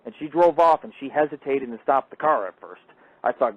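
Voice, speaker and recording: A man hosting a live call-in radio show, telling crude, boastful stories full of profanity and swinging from loud outbursts to low mutters. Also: expressive, fairly quick, husky, no echo. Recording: tinny phone-like line.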